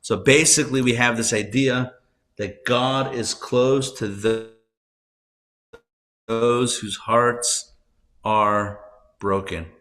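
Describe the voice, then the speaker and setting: A man, a rabbi, teaching a live class, telling stories conversationally with asides and self-corrections, his voice swinging between loud emphasis and soft hushed moments. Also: mid-range voice, steady tone, slow pace, long pauses. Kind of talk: live class lecture with storytelling. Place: class room at a community center.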